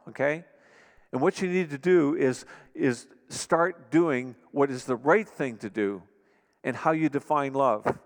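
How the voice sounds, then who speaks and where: A man's voice: on the high side, big-room sound. A man preaching a sermon as pastor, in a conversational way, sometimes acting out the quarrels of married couples.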